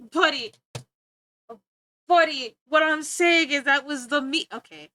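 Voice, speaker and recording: A woman's voice: sits high, takes it slowly, sharp tone. A young woman streaming, chatting casually and rambling, easily sidetracked and giggling as she talks to her chat and friends.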